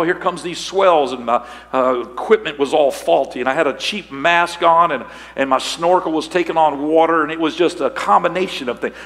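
An older male pastor preaching a sermon, telling a story and building to shouted emphasis. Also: a little high. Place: large church sanctuary. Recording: long hall reverb.

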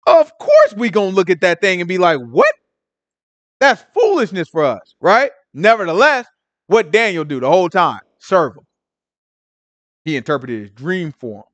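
Male preacher, AAVE speech, lively casual sermon, higher voice, dry close sound. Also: moderate pace, no room sound, highs cut off. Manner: animated, colloquial, mimics people in different voices. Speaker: Bible teacher.

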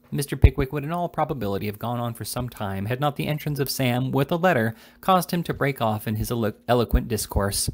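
A man reading a classic novel aloud in a steady, measured storytelling manner. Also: mid-range voice. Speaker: reader. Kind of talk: audiobook narration of a classic novel.

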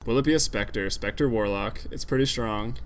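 A man's voice: lowish voice, moderate pace. A man casting an esports draft alone, talking casually and analytically with frequent fillers. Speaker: esports caster. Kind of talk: solo play-by-play commentary.

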